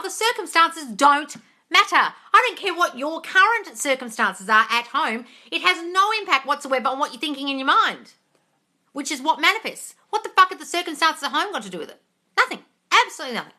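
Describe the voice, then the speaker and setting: A woman hosting a live manifesting Q&A over a phone, answering viewer comments bluntly, swearing freely and calling people darling. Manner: animated, swinging between loud emphasis and low asides.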